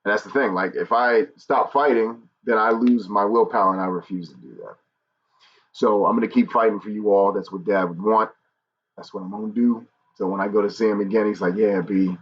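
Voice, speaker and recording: A man's voice: lowish voice, fairly even intonation, fairly quick, breathy edge. Earnest man on a lo-fi livestream. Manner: earnest, candid, jokes between somber moments. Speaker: YouTube livestream host. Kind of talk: casual livestream talk to viewers. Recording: dull lo-fi stream audio.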